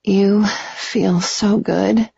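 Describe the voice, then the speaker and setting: A woman voicing a passionate young heroine who speaks in a breathy, teasing way. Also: on the low side, takes it slowly, darkish tone, dry recording, full character voice. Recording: slightly dull lo-fi recording.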